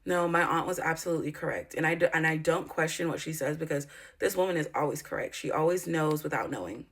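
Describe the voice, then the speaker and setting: Woman vlogger, lowish voice, blunt and profane, rambling storyteller with emphatic outbursts. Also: fast, breathy edge. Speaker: YouTuber. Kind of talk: candid storytime vlog.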